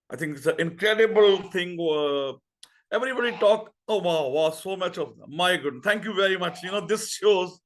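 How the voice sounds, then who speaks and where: A man's voice: fairly high pitch, a bit bright. Effusive man hosting a club meeting. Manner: enthusiastic, effusive, halting with restarts. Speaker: meeting master of ceremonies.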